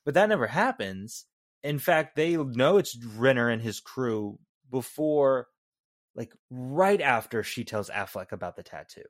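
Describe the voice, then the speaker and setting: A man's voice: medium pitch, expressive, a little slow. A man co-hosting a film review podcast, talking loosely and casually with some swearing. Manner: loose, profane, conversational. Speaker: podcast co-host.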